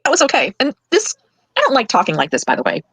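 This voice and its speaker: An older woman and grandmother giving her side of a family conflict, fast and indignant, getting worked up as she talks. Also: a little high, huge pitch swings, creaky, fairly bright tone, breathy edge, no echo, rough recording. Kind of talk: emotional recorded account.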